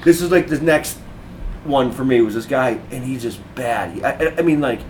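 A man's voice: mid-range voice, normal speed, darkish tone, far from the mic, slight background noise, rough recording. A man hosting a podcast, telling rambling, profane stories about bad comedians in casual chat. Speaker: podcast host.

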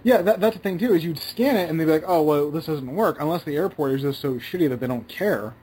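Man, podcast co-host, husky, slightly high voice, rambling casual chat. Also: expressive, quick pace, a little mellow, poor audio. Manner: rambling, hesitant, with restarts.

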